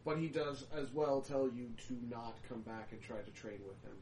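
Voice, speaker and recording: A man running a tabletop role-playing game, narrating casually with halting fillers. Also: mid-range voice, darkish tone, echoey room, a little hiss or hum. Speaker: game master.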